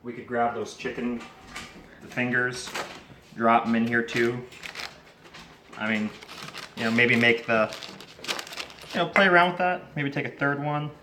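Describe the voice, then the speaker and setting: A man's voice: medium pitch, fairly even intonation, unhurried, pauses often, echoey room, background noise. A man, hosting a casual home cooking vlog and chatting while he cooks and tastes. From Canada. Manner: chatty, talks while tasting food. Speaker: home cook and channel host. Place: home kitchen.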